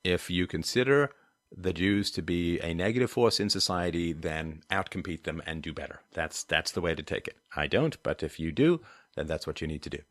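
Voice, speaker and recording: A man's voice: sits low, moderate pace, no room sound, clean studio sound. A man hosting a livestream, answering chat questions in a digressive, wry way with frequent laughs. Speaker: livestream host. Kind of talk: livestream chat and donation appeal.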